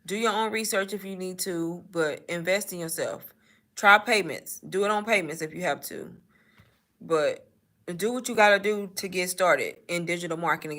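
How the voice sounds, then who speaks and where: A woman talking loosely on a live stream. Her voice is bright and forward. She chats in an animated way and turns to answer viewers' comments. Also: fairly low pitch. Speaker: host of a live Q&A on online business.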